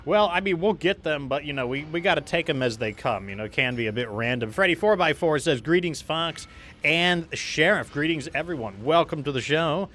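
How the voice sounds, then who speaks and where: A man's voice: fairly high pitch, animated, brisk, few pauses, a bit bright, a little hiss or hum. A man hosting a live game stream, chatting casually in a rambling way, reading out viewer messages. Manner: rambling, many fillers and restarts, reads chat aloud. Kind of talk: casual live-stream chat while gaming.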